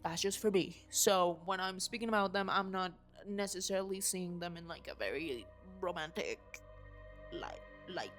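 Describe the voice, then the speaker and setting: A young woman vlogging at home, rambling excitedly and swearing casually about a film while waving a handheld mic. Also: on the low side, moderate pace, soft background music. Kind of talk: unscripted excited movie rant. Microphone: handheld mic waved around.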